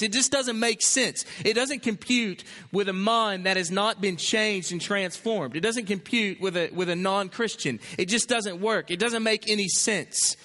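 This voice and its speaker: Bright-voiced preacher man in a reverberant hall. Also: sits high. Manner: emphatic preaching with repeated phrases and rhetorical questions. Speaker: pastor. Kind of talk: sermon.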